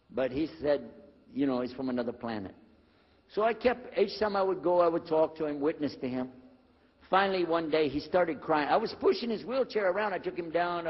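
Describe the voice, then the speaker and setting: Older man, animated storyteller, slightly high voice, husky, muffled lo-fi sound, long hall reverb. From United States. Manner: animated storyteller, acting out dialogue. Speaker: former preacher telling his conversion story. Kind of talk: storytelling talk to an audience. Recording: dull lo-fi recording in a reverberant hall.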